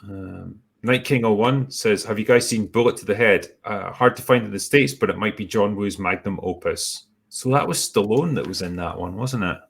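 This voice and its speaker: A middle-aged man, hosting a casual chat, halting with many pauses and wry remarks. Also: lowish voice, gravelly, slightly rough. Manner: laid-back, halting with many ums, wry. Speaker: host. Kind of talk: casual chat reading superchats.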